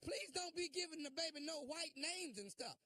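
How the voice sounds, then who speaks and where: A man making a prank phone call as a radio show host, calm and needling as he provokes the person on the line. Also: very high-pitched, normal speed.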